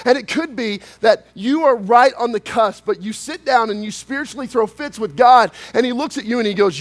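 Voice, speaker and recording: A man preaching a sermon as pastor, swinging from loud, animated outbursts to quiet, hushed lines. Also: very high-pitched, brisk, hardly any pauses, soft background music.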